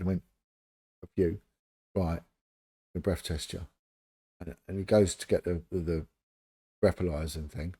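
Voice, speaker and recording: Middle-aged man telling stories. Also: low-pitched. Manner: animated anecdote-telling, acts out quoted dialogue. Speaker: interview guest, former police officer. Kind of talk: casual storytelling.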